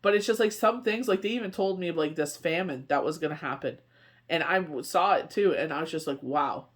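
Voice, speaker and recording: A woman's voice: fairly low pitch, a little fast. A woman from Canada, giving a casual spoken tarot reading in a rambling, chatty way, full of asides and fillers. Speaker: tarot card reader.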